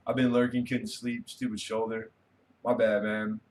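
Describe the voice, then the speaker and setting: A man's voice: on the low side, darkish tone. A man hosting a casual late-night livestream, rambling easily and reading viewer comments aloud. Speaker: livestream host.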